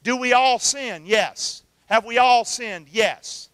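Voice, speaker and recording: A man's voice: extremely high pitch, slow pace, a bit bright, no echo. A middle-aged man, preaching a sermon and calling out questions for the congregation to answer back. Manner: call-and-response preaching, asks the congregation to answer. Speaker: pastor.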